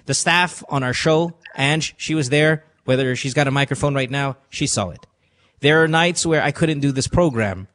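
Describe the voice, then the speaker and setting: At a moderate pace and medium pitch, with a bit of brightness, a man hosts a call-in podcast in a radio studio. His advice comes out earnest, confessional, and repetitive, with emotional weight.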